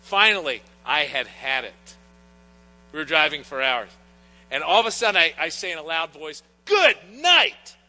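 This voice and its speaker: A man's voice: a little high, expressive, normal speed, sharp tone. A middle-aged man preaching a sermon as a pastor, in an earnest storytelling way that draws on personal anecdotes. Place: church sanctuary. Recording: long church reverb, faint mains hum.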